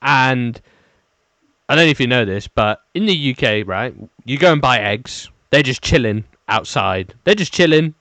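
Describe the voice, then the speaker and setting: A man's voice: medium pitch, lively intonation, normal speed, pushed and bright, no echo. Hesitant man, dry sound. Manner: hesitant, full of ums and restarts. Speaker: podcast co-host. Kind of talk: casual chat, reading a news story.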